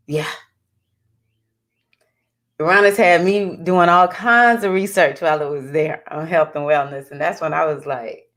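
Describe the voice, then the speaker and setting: Chatty, animated woman with a lowish voice. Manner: chatty and animated, with bursts of excitement. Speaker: astrologer giving readings. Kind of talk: casual talking-head vlog.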